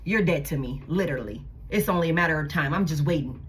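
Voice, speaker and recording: A woman doing a low, contemptuous curser. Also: a little hiss or hum, close to an everyday voice. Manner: contemptuous, rapid-fire cursing. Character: angry, dismissive scheming person, cursing.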